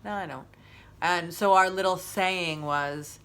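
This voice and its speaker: A woman's voice: lowish voice, slow, a bit bright. A middle-aged woman hosting a wellness stream in casual chat, rambling and openly emotional as she talks.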